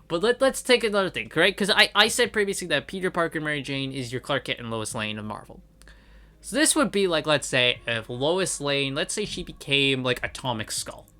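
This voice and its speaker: A man's voice: on the high side, lively intonation, fairly quick, sharp tone. A man reviewing comics in an angry, profane rant, repeating his points for emphasis. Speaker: comic book commentator. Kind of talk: ranting review.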